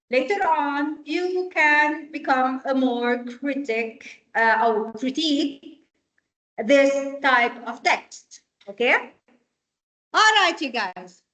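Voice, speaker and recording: High-voiced woman teaching translation, echoey room. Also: bright, forceful tone. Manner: switches between English and Arabic, checks in with "okay?". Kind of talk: classroom lecture. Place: classroom.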